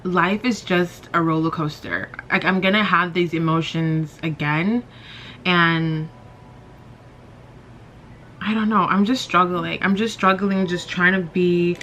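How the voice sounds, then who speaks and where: A woman's voice: on the low side, steady tone, slow pace, fairly bright tone, a little hiss or hum. A woman in her twenties chatting candidly in her bedroom while doing her makeup, rambling with lots of fillers. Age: 20s. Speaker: beauty vlogger.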